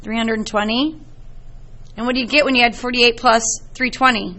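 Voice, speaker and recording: A woman's voice: a little high, fairly even intonation, brisk, pushed and bright, muffled recording. A middle-aged woman teaching a math class, explaining in a chatty, storytelling way to her students in a classroom.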